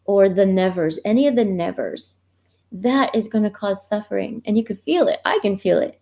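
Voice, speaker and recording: Gentle woman coach with a mellow voice. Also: medium pitch, lively intonation, moderate pace, vocal fry. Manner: gentle, reassuring, often asks the listener questions. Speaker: grief and relationship coach. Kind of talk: live-streamed walkthrough of resources. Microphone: computer mic, browser livestream.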